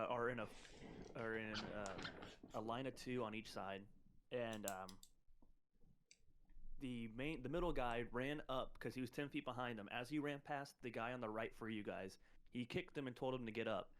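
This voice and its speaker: A man's voice: mid-range voice, normal speed, far from the mic, a little hiss or hum. A man running a tabletop game as game master, explaining rules with many fillers and restarts.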